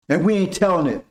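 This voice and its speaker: A man with a voice pitched a bit above the usual preaches to his followers in a loose, informal way. He talks in emphatic bursts of casual slang and keeps checking in with a repeated "See?". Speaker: religious teacher.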